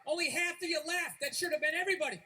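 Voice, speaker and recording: High-voiced man ranting in stand-up. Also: racing. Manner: profane, ranting, mocking. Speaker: stand-up comedian. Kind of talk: stand-up routine. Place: stage before a live audience. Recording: live recording with clear background noise.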